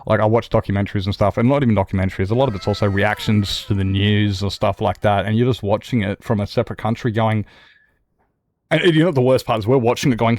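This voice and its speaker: A man's voice: lowish voice, brisk, no echo, studio quality. An Australian man streaming a game and ranting, heated and sweary, jumping between points. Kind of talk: live-stream rant while gaming.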